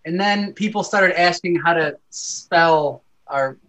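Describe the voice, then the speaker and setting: A man's voice: fairly high pitch, slow pace. A man co-owner of a bakery, chatting as a podcast guest over a video call, jokey and acting out what people said. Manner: animated, jokey, acts out quotes. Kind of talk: casual podcast chat. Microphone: video call mic.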